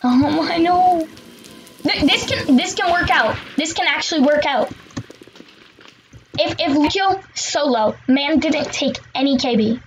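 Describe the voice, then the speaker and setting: A woman commentating on her own gameplay, excitable and swearing, with sudden shouts between quieter muttering. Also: high-pitched, measured pace, background noise. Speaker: gamer.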